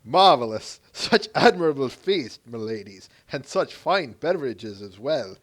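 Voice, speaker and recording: A man's voice: medium pitch, big pitch swings, a little slow. A man hamming up Thor with a put-on Irish lilt. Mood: hearty. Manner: hearty, grandly courteous. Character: boisterous male god-hero visiting a court.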